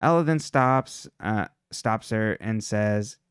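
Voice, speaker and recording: A man talks through a TV recap with easy, rambling chattiness, his words full of filler. His voice sounds smooth and resonant at a middling pitch. The sound is close and dry. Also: takes it slowly, no room sound. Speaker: podcast co-host recapping episodes. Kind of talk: casual recap chat.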